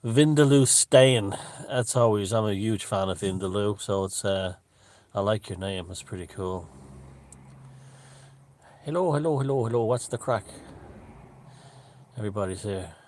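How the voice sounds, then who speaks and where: A man hosting a casual live stream from a room at home, greeting viewers and chatting in a relaxed way. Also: fairly low pitch, normal speed. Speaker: livestream host. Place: room at home with the window open.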